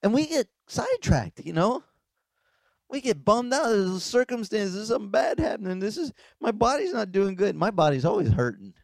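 Animated high-voiced male preacher. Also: normal speed, creaky, no room sound. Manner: animated, acts out dialogues, conversational. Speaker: pastor. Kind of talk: sermon. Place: beach church service, outdoors.

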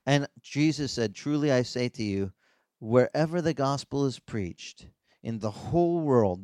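Man preaching an animated sermon. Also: mid-range voice, no room sound, clean studio sound. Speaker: pastor.

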